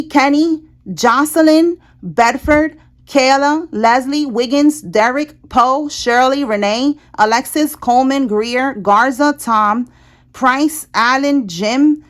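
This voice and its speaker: A woman giving a casual tarot reading, blunt and chatty, with cursing and laughter. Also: high-pitched. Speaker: tarot reader.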